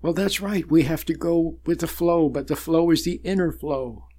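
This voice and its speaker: An older man with a fairly high, mellow voice leads a spiritual talk in the manner of a sermon. As a spiritual teacher, he stays measured and emphatic, layering repeated phrases and pausing at length.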